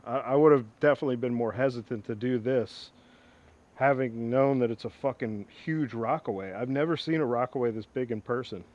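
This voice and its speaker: On his axe restoration channel, a man with a mid-range, slightly mellow voice talks fairly quickly in a casual show-and-tell vlog. He rambles enthusiastically with lots of asides, and the audio sounds dull.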